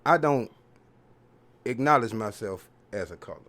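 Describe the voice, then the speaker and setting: A man's voice: fairly low pitch, lively intonation, normal speed, fairly bright tone. A man hosting a podcast, rambling through a casual, profane, preachy monologue full of repeated filler phrases. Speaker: podcast host.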